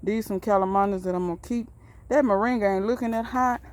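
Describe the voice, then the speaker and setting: A woman strolls through her backyard garden, filming on her phone. She rambles in a folksy, chatty way, pointing out plants and talking straight to the viewers. Her voice sits at a middling pitch, neither high nor low. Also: quick pace, a little mellow. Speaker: home gardener giving a garden tour. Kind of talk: casual walk-and-talk tour. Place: outdoor backyard garden and greenhouse.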